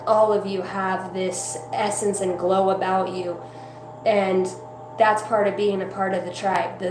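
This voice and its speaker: A woman telling a personal spiritual testimony in a rambling, profane, excitable way. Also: medium pitch. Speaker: evangelist. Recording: roomy echo with faint hum.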